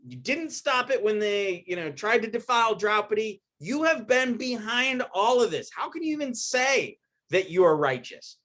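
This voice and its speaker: A man's voice: sits high, very animated, moderate pace, a bit bright, voice pushed up. A man voicing an indignant young warrior prince who accuses a rival in a retold epic battle. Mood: accusing.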